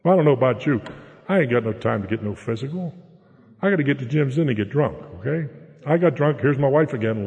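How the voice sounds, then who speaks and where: A man's voice: mid-range voice, expressive, fast, darkish tone, highs cut off. A man telling a humorous personal recovery story in a folksy way, often tagging his lines with "okay?". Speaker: speaker sharing a recovery story. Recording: echoey hall.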